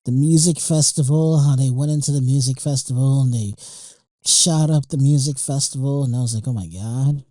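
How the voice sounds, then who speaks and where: A young man hosts his podcast in a loose, emotional monologue that is full of fillers and restarts and peppered with swearing. His voice is dark and mellow. The recording is dry and close, with no room sound. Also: medium pitch, steady tone, normal speed, dry recording, rough recording. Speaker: podcast host. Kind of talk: casual monologue.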